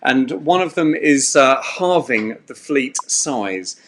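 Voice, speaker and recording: Guy hosting a pub quiz stream from his bedroom, chatty and rambly, lots of ums, middle pitched voice. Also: expressive, takes it slowly, fairly bright tone. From England. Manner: chatty, rambling, loose with fillers. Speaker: quiz host. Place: home bedroom.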